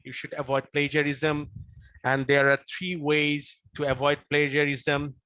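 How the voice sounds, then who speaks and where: A man's voice: on the high side, monotone, a little slow, bright, forceful tone, no room sound, poor audio. A man lecturing as a professor, earnest, repeating key points with frequent fillers and restarts. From Bangladesh. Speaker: professor giving a training lecture.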